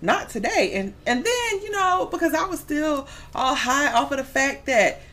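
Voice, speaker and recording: A woman co-hosting a podcast in casual chat, animated and swearing, breaking into shouts when excited. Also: sits high, moderate pace. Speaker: podcast co-host.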